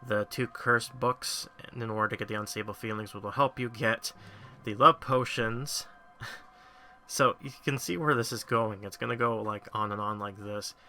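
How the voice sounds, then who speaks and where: A man's voice: on the low side, fairly even intonation, normal speed, pushed and bright. A man hosting a gaming channel, giving a chatty, rambling walkthrough of a mobile game's crafting and thinking aloud as he goes. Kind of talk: casual game guide commentary.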